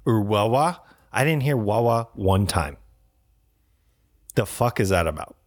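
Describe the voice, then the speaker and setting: A man's voice: lowish voice, unhurried, breathy edge. A married man co-hosting a casual podcast chat, ranting bluntly and swearing freely. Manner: blunt, profane, animated rants. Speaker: podcast co-host.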